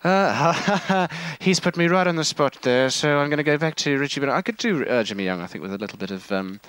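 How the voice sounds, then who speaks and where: A man's voice: a little high, animated, fairly quick, fairly bright tone, clear, resonant tone, dry recording. A man, an impressionist guest, chatting animatedly in a radio interview.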